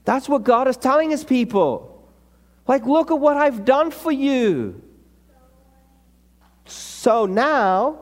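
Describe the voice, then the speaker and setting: A man with a high voice preaches a sermon in a hall with a long, ringing reverb. He talks animatedly and drops his pitch low to act out the people's replies. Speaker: pastor.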